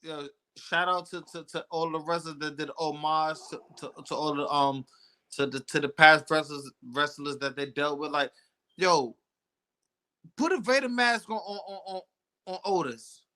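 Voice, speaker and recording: Excitable man with a bright, forceful voice. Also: fairly high pitch, normal speed. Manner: excitable, emphatic, repeats himself, laughs a lot. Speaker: podcast co-host. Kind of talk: casual wrestling recap chat.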